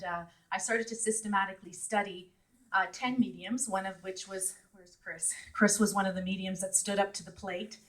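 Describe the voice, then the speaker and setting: Brief: middle-aged woman, guest speaker at an evening event, chatty, laughs often, voice picked up from across the hall. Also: medium pitch. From Canada. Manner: chatty, laughs often, voice rises when animated. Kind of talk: speaking to a live audience. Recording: distant mic in a hall.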